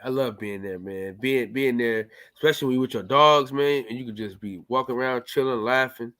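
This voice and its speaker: A man co-hosting a boxing talk show, chatting in an animated, profane, slangy way. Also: medium pitch, a little fast. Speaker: boxing podcast co-host. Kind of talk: casual chat.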